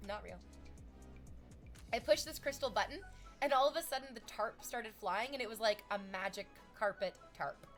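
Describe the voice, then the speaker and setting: Talking casually to viewers, this young female streamer is lively and swears without restraint. Her voice sits at a medium pitch but jumps upward in bursts of excitement.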